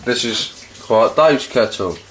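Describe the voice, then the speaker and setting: A man's voice: mid-range voice, animated, slow pace. A man complaining in a formal, accusing way, addressing the other man by his title. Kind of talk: confrontational casual talk. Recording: echoey room with some noise.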